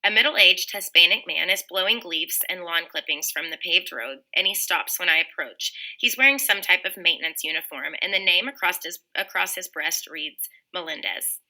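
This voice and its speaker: A woman's voice: on the low side, normal speed, few pauses, sharp tone, rough recording. A woman reading a first-person audiobook in an earnest manner, with small slips and restarts. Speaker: audiobook reader.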